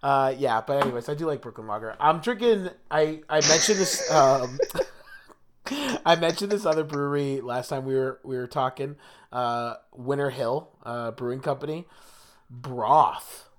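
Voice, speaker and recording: A man's voice: mid-range voice, normal speed. A young man from New Jersey co-hosting a podcast, chatting casually and rambling with lots of fillers and restarts. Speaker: podcast co-host. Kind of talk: casual chat.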